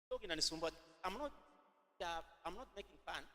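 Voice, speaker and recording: A Kenyan man teaches from the pulpit with a high, forceful voice, dictating each point slowly and saying it again and again so listeners can write it down. His words ring out with a long reverb in a large hall. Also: lively intonation. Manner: repeats phrases slowly for note-taking, mixes in Swahili. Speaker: preacher teaching at a youth camp. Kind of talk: teaching sermon dictated as notes.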